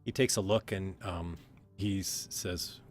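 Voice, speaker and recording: Male game master, low voice, loose rambling delivery with soft music behind. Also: unhurried. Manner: relaxed, rambling, many fillers. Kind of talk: narrating a tabletop game.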